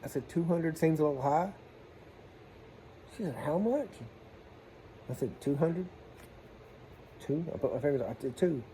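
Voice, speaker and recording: A plumber spins a casual yarn in a slightly high voice. He chats in a folksy way and acts out the voices of the people in his story. Faint room ambience hums behind him. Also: a little slow, pauses often, dark tone, slight background noise. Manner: folksy, chatty, southern-style slang, acts out dialogue. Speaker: plumber telling stories.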